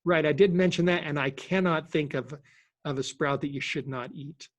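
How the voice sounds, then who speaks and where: A man in his sixties hosting a casual question-and-answer webinar, talking in a relaxed, halting way with many restarts. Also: a little high, no room sound. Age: 60s. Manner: halting, repeats words, relaxed. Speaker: host.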